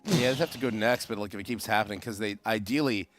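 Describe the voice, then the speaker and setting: A man's voice: on the low side, fast talker, a bit bright. A man on a live stream, talking casually and loosely, joking and swearing. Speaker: co-caster.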